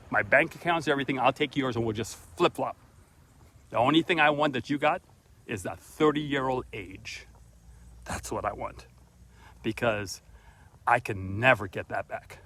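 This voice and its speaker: A middle-aged motivational vlog host with a mid-pitched, fairly bright voice talks straight into the phone camera he holds while walking outdoors and then arriving at his front door. His casual monologue is earnest and a little preachy, like a mentor's pep talk to followers, with faint outdoor noise in the background.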